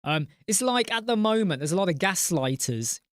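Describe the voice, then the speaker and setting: A man's voice: sits high, big pitch swings, normal speed, a bit bright, no echo, clean studio sound. A man hosting a live chat stream, speaking passionately, ranting and swearing. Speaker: host.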